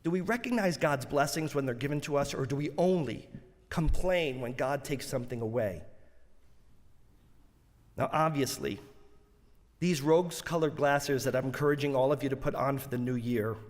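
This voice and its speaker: A man's voice: mid-range voice, moderate pace. Earnest preaching rabbi, man, echoing sanctuary. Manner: earnest, rhythmic preaching with emphatic alliteration. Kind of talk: sermon. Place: large synagogue sanctuary. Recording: long reverb of a large sanctuary.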